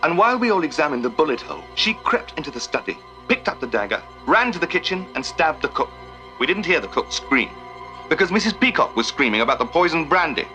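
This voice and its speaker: An actor playing a frantic butler who breathlessly reenacts a string of murders, in film dialogue over score music. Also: male voice, fairly high pitch, big pitch swings, quick pace, bright, forceful tone. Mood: breathless explaining. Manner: breathless, theatrical, accusing.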